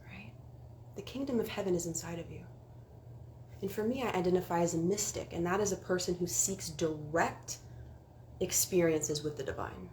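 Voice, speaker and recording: A woman's voice: on the low side, normal speed, a little mellow, slight background noise. A young woman, a spiritual life coach, talking casually on a livestream, earnest and sometimes dropping to a whisper. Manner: earnest, drops to whispers for emphasis. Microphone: phone.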